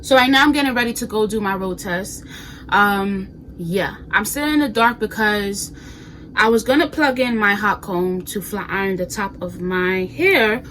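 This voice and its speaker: A woman's voice: medium pitch, normal speed, a little hiss or hum, low-quality recording. A woman in her twenties from New York, chatting casually and animatedly to viewers in a home vlog. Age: 20s. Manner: animated, sassy, talks straight to viewers with slang. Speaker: vlogger. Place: bedroom at home.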